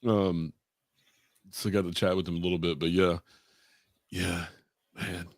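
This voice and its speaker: Low-voiced joking man. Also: level tone, measured pace. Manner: laid-back joking, profane. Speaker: paranormal investigator. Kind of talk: casual podcast chat.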